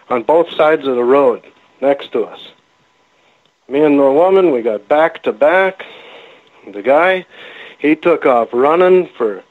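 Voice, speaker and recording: A man being interviewed as a researcher, telling a story in a halting, rambling way with frequent restarts, heard over a phone call. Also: mid-range voice. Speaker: guest, cryptid researcher. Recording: phone-line call-in audio.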